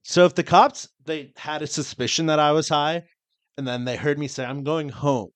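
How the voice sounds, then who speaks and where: A man's voice: a little high, fairly even intonation, normal speed, dry recording. A young man co-hosting a podcast, telling a story in casual chat with lots of swearing and acted-out quotes. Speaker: podcast co-host.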